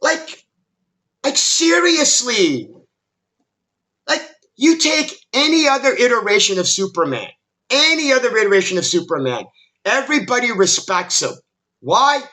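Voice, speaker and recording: A man with a high, bright voice rants about a movie, exasperated and emphatic. His pitch swings widely as he talks, and he keeps stumbling and restarting his sentences. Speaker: film commentary YouTuber. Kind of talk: ranting movie critique monologue.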